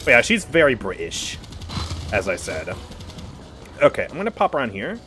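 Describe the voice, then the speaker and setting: A man's voice: mid-range voice, wildly swooping pitch, normal speed, music in the background. A man streaming a game live, chatting casually with his viewers and laughing often as he comments.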